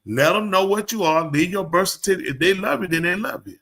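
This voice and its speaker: A man's voice: high voice, fast, pushed and bright. A man hosting a live podcast show, ranting bluntly and opinionatedly in casual chat and addressing the people around him. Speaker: podcast host.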